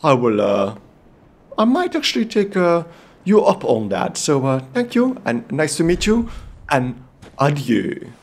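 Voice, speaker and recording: A man's voice: a little high, huge pitch swings, measured pace. A man from Belgium doing in-character gameplay commentary, theatrical and playfully gallant, with comic outbursts. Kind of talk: in-character let's-play commentary.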